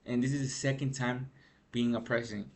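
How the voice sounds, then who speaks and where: A medium-pitched, darkish male voice, steady in tone and a little fast, delivers gaming news as a rambling rant. He's short on sleep, and the casual commentary is slangy, with frequent "bro" and "freaking."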